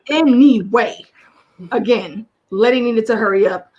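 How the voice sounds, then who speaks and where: Female host, casual chat, animated, quick bursts, higher register. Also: dull audio.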